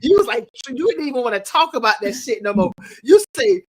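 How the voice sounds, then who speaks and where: Female co-host, high bright voice, teasing and animated. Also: fairly quick, rough recording. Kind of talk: casual podcast discussion.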